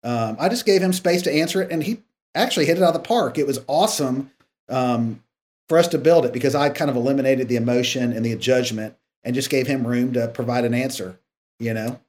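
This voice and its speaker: A man's voice: medium pitch, brisk. Guy guest on a podcast, mid voice, casual storyteller doing the voices in his anecdotes. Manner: animated storyteller acting out dialogue.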